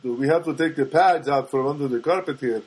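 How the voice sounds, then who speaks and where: A man imitating an older Armenian carpet cleaner with a put-on Armenian accent, speaking in halting, broken phrases. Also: medium pitch, a little mellow, husky, natural voice. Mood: matter-of-fact.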